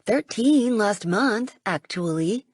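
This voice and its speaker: A woman voicing a defensive, frightened twelve-year-old boy in an audiobook, muttering in a low huff. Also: lively intonation, takes it slowly, slightly rough, no room sound, studio quality. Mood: tense.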